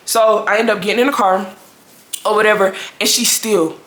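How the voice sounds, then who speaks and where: A woman in her twenties telling a storytime to her viewers in a lively, fussing way. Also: mid-range voice, a little fast. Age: 20s. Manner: animated, fussing, talks straight to viewers. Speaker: vlogger. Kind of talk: casual storytime. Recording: echoey room.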